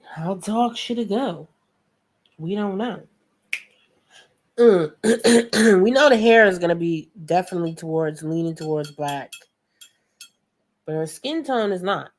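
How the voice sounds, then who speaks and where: A woman with a New York accent talks through a painting tutorial in a slow, unhurried way. Her voice sits a little low. She is chatty and playful and speaks to viewers as if they were friends. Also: a little mellow. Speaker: art tutorial host. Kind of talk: casual painting tutorial chat.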